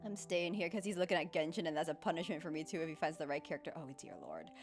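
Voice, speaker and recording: A young woman streamer chatting casually, with animated, dramatic, playful complaining and lots of laughter. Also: low voice, fast talker, faint music behind.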